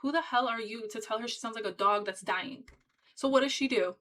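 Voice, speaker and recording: A woman's voice: a little high, a little fast, fairly bright tone, poor audio. A woman giving a casual tarot reading to her viewers, talking in a chatty, emphatic and encouraging way. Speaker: tarot reader.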